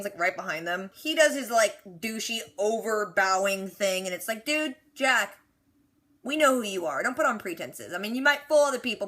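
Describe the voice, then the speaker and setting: A young woman talks through a TV episode in a loose, chatty recap, slipping into quick impressions of the characters. Her voice sits a bit high and sounds clear and bright. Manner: animated, acts out characters in quick quoted asides. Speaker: reaction video host.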